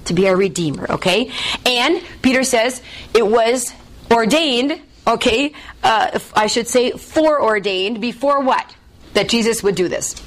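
A woman teaching a Bible study class in a lively way. She keeps checking in with "okay?" and asks the class to fill in the answers. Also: on the high side, a little slow.

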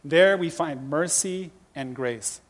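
A male pastor in his fifties preaching a sermon with lively, humorous storytelling. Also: a little high, slow pace. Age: 50s.

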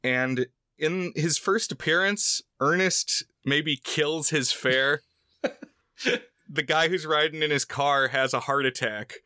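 A man co-hosting a movie podcast, recapping the plot in a relaxed way with joking asides. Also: fairly high pitch, slow, dry recording, clean studio sound. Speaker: podcast co-host. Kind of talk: casual movie discussion.

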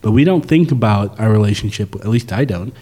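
Man, mellow low voice, relaxed and hesitant, long room reverb. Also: brisk. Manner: relaxed, hesitant with frequent fillers. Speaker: podcast co-host. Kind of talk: casual podcast chat.

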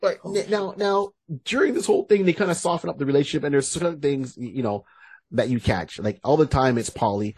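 A man's voice: fairly high pitch, fairly quick, husky. A man co-hosting a podcast, chatting casually about a movie and acting out its dialogue. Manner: lively, acts out movie dialogue. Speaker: podcast co-host. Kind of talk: casual chat.

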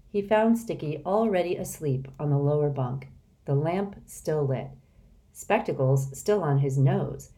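Low-voiced woman narrating a storybook. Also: dark tone. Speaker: audiobook narrator.

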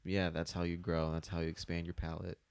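A man's voice: low voice, completely flat delivery, brisk, vocal fry, darkish tone, smooth, no room sound. A man co-hosting a podcast, making wry sarcastic remarks in casual chat. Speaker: podcast co-host.

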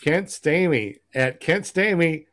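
A man's voice: fairly high pitch, takes it slowly, fairly bright tone. A man hosting a casual livestream chat, rambling with many fillers. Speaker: host of a paramotor livestream.

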